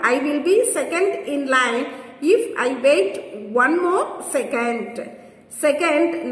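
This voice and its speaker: A woman teacher, reading out textbook exercises to children in slow, careful dictation and repeating each word. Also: sits high. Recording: echoey room with long reverb.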